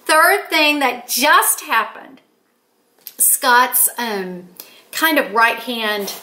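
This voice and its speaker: Bright-voiced older woman telling stories. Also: a little high, drawn-out words. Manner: chatty, excited, acts out quoted dialogue. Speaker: author and channel host. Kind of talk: casual storytelling to camera.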